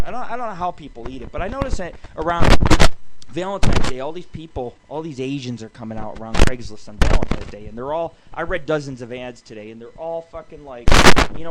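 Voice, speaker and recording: A man with a slightly high voice talks fast with lively intonation, hosting a late-night internet radio show out of Las Vegas. He rants in a loose, rambling, profane way, cracking crude jokes and telling stories. Loud constant noise sits behind the recording.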